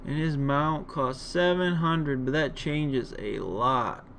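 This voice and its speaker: Brief: unhurried male game commentator, slightly high voice, faint hum behind. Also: gravelly. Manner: relaxed, many fillers, rambling. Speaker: gaming video host. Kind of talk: casual gameplay commentary.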